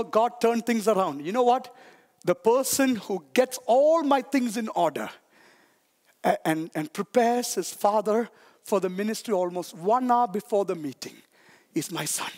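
A middle-aged man pastor preaching a sermon in a church, often shouting with emphasis and calling the congregation to respond. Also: sits high, long reverb tail. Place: church sanctuary.

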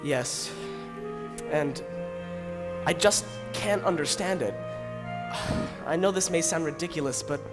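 A man's voice: a little high, takes it slowly, long pauses, over loud music. An actor playing an earnest, lovesick young groom in a stage musical, pleading his case. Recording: reverberant stage sound.

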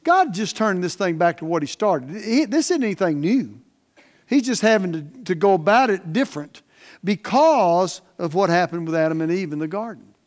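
A man preaching a sermon as the pastor, in a folksy, plain-spoken way, with emphatic swings between loud stresses and quiet asides. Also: high voice, animated, moderate pace.

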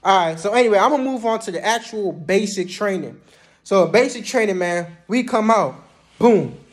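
A young man with a notably high-pitched voice tells a story to the camera in a relaxed, conversational way. His talk is loose and slangy, peppered with casual fillers like "man" and "bruh". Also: moderate pace. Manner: slangy, laid-back, sprinkles "man" and "bruh". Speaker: vlogger recounting Army basic training.

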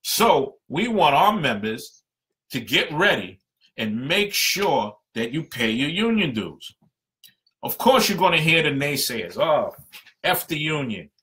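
A man's voice: on the high side, sing-song, takes it slowly, bright, forceful tone. A man giving a passionate, emphatic live-stream talk to union members as their representative.

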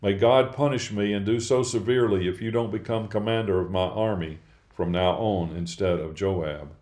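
A man's voice: lowish voice, moderate pace, darkish tone, lightly acted. A man reading the lines of a grieving old king in a subdued, mournful way. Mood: commanding.

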